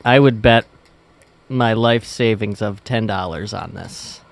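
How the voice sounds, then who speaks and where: A man's voice: lowish voice, slow pace, gravelly, noisy background. A young man co-hosting a podcast, laid-back and teasing, joining in crude banter. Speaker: podcast co-host.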